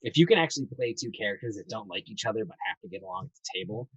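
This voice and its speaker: A man's voice: fairly low pitch, expressive, very fast, no echo, distant mic, low-quality recording. A man chatting casually about tabletop role-playing, rambling and enthusiastic, swearing freely as he tells stories. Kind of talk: casual chat.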